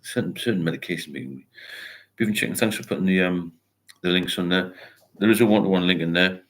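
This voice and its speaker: A man's voice: sits low, fast. An older man hosting a casual livestream, rambling as he reads viewer comments aloud and answers them with encouragement. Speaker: host of a sobriety livestream. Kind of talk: casual live chat.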